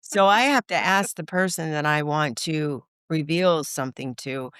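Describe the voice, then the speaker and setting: Older lady on a podcast, low voice, dry close sound, swears and does little voices. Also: moderate pace, few pauses, clear, resonant tone, no echo. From United States. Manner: animated, acts out voices in her stories; frank, swears casually. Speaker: podcast guest. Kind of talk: candid conversational interview.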